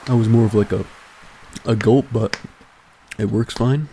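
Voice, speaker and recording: A man's voice: fairly low pitch, steady tone, unhurried, dark tone, slight background noise. A young man streaming a video game, chatting casually with rambling, self-deprecating asides and frequent chuckles. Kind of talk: casual gameplay commentary.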